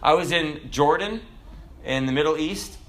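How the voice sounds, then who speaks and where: A middle-aged man preaching a sermon as a pastor, telling stories and jumping from loud, high bursts to soft, low asides. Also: unhurried. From America. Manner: animated storytelling preacher, jumps loud and high then drops soft.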